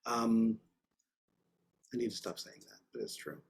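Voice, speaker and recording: A man's voice: on the low side, a little slow, slightly rough. A man teaching an online art class, giving enthusiastic, rambling, slangy feedback over a video call. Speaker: art instructor.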